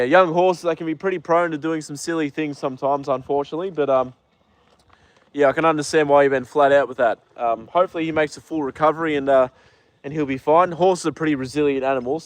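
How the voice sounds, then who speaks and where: A man from Australia with an Australian accent, chatting casually with viewers on a live stream from a horse paddock, relaxed and full of ums and uhs. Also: fairly high pitch, no room sound. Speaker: livestream host with a horse. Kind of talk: casual live chat reading viewer comments.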